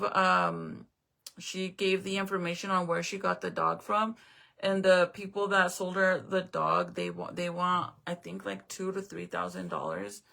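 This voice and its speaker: Gravelly bright-voiced woman chatting. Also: medium pitch. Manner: chatty and rambling, swears casually, reads out viewer comments. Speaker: live streamer. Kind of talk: casual live-stream chat. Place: at home, indoors.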